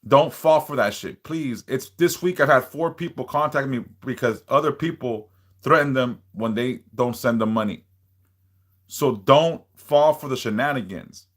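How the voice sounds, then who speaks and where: A man's voice: mid-range voice, unhurried, fairly bright tone. Blunt, profane man chatting on a livestream. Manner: blunt, profane, warning viewers. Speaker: livestream host, spiritual worker. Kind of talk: casual livestream chat reading comments.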